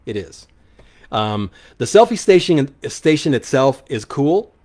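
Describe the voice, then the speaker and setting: A man hosts a local live radio show, chatting loosely with listeners between their questions. He rambles upbeat, full of ums and restarts, at an ordinary middle pitch. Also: big pitch swings, a little slow, a little mellow.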